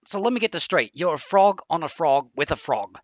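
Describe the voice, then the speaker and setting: A man playing his character in a tabletop game, cheeky and animated. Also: on the high side, brisk, no echo. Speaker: player. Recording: dull dry lo-fi mic.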